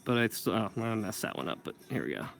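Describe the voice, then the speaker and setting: A man's voice: on the low side, very animated, quick pace, gravelly, a bit bright, slight background noise. A man teaching comic inking in a casual tutorial, thinking aloud and correcting himself as he works. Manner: thinking aloud while working, self-correcting. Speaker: comic book inker.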